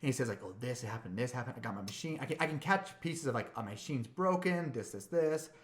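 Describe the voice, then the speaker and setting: Fast-talking man telling a story. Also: medium pitch, lively intonation, echoey room. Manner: rambling, repeats words, acts out quotes. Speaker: podcast co-host. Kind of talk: casual storytelling chat.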